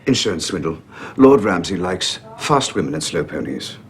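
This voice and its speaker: An actor playing a witty, sharp-tongued detective with an English received pronunciation accent. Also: male voice, low voice, very animated, moderate pace, breathy edge, heavily acted. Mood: dry. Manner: clipped, wry, theatrical delivery.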